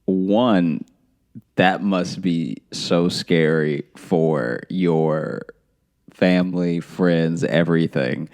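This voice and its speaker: Low-voiced man making wry asides. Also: extremely slow, a little mellow. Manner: wry, joking replies. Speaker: podcast co-host. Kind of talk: casual chat.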